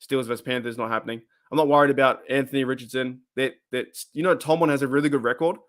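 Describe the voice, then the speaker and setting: A man's voice: mid-range voice, fairly even intonation, fast. A middle-aged Australian man hosting a casual live stream, chatting, rambling and laughing often as he reads viewer comments.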